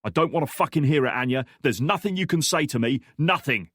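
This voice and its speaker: A man's voice: fairly high pitch, expressive, brisk, fairly bright tone, husky, no room sound, studio quality, pitched above the performer's own voice. A man doing a snarling furious operative. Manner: snarling, swearing, explosive. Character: furious hardened male operative.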